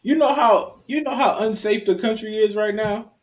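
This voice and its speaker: A man's voice: high-pitched, normal speed. A man co-hosting a casual podcast chat, joking expressively. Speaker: podcast co-host.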